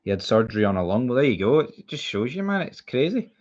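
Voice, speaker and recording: A man's voice: medium pitch, very animated, fast, a little mellow, dull audio. Heated Scottish man ranting on stream. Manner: blunt, heated, swears freely, repeats himself. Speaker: football streamer. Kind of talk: casual live-stream chat.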